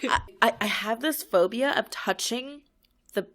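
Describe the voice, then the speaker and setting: A woman's voice: on the high side, unhurried, a bit bright. A young woman co-hosting a podcast while stuffed up with a cold, so her voice comes out nasal; she rambles, laughs and talks frankly. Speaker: podcast co-host. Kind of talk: casual podcast chat.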